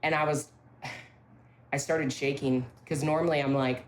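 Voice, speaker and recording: A woman from a ranch telling ghost stories in casual talk, emphatic, with halting restarts and key phrases repeated. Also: sits low, steady tone, a little hiss or hum. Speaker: ranch staff member interviewed about ghost stories. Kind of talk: casual spoken storytelling.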